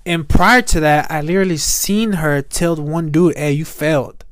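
A young man co-hosting a podcast, chiming in with his own stories in relaxed, slangy banter. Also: on the high side, normal speed, dry recording. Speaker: podcast co-host. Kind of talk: casual chat.

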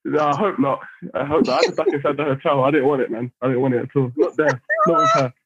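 A man telling a story on a podcast in a casual, animated way. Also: mid-range voice, fast. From London, England. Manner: animated, acts out other people's lines while telling stories. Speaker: podcast guest. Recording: phone-like narrow sound.

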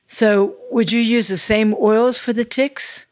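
A woman's voice: a little high, steady tone, slow pace, darkish tone, no room sound, clean studio sound. An older woman co-hosting a podcast, chatty and self-deprecating in casual conversation. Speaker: podcast co-host. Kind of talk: casual chat.

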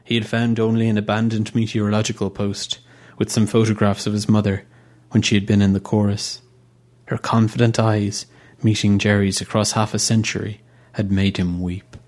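A man narrates a science-fiction story in a steady, even manner. His voice sits somewhat low. It is a calm, scripted audiobook reading. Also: normal speed.

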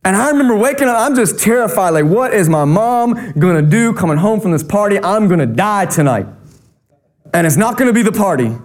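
Pastor guy, kinda high voice, chatty funny sermon stories. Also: expressive, fairly quick. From North Carolina. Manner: conversational storytelling, humorous.

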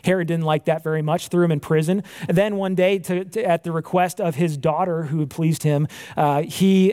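A man's voice: on the high side, mellow, no echo. A man giving a casual, conversational sermon. He often asks "right?" and restarts his sentences as he goes. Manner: conversational, frequent "right?" and "like", self-correcting restarts. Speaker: pastor.

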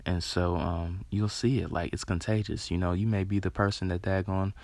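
A man with a very low, gravelly voice gives a rambling motivational talk. He is earnest and casual, leans on "you know", and swears freely. The sound is close and dry. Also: little pitch movement, normal speed, a little mellow, no echo.

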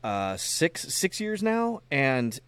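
A man's voice: mid-range voice, sing-song, slow pace, a bit bright, smooth. A man in casual chat, teasing and wry, then laid-back while telling his own story.

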